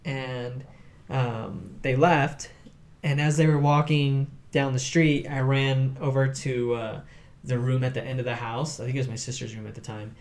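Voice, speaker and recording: A young man hosting a podcast, telling stories in a casual, animated way, acting out quotes and laughing often. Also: mid-range voice, normal speed. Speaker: podcast host. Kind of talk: casual storytelling chat.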